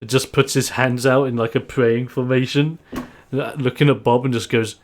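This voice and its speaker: A man's voice: medium pitch, steady tone, normal speed. A man narrating as game master in a loose, laughing storytelling manner.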